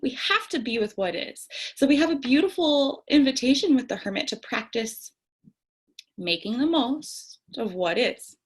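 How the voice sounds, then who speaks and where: A young woman talks through a spiritual lesson in a candid, conversational way. She moves between calm reflection and frank personal storytelling, with light self-mocking laughter and the odd casual curse. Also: fairly high pitch, normal speed, slightly rough. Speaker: tarot and self-care host. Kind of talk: reflective spiritual talk to camera.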